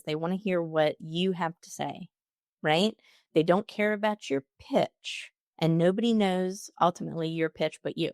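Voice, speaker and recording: A woman's voice: fairly low pitch, creaky, dry recording, studio quality. A woman hosting a solo podcast, giving chatty, encouraging advice and laughing often. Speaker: podcast host.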